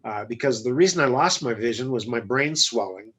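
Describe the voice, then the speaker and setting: Guy with a kinda husky voice, blunt storyteller, acts out who said what. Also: mid-range voice, fairly quick. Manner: blunt, animated retelling with quoted dialogue. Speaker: guest entrepreneur. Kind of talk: casual storytelling interview.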